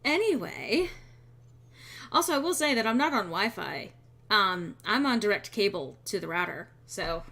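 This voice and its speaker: A woman's voice: mid-range voice, very animated, moderate pace, bright, forceful tone. Sarcastic, chatty woman streamer. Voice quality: chatty and sarcastic, with frequent ums. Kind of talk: casual let's-play chat.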